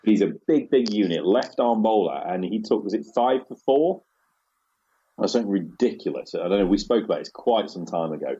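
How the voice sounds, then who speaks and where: A man hosting a casual cricket podcast, chatty and quick to laugh as he rolls through match scores. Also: fairly low pitch, expressive, mellow, slightly rough, dull audio. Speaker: podcast host.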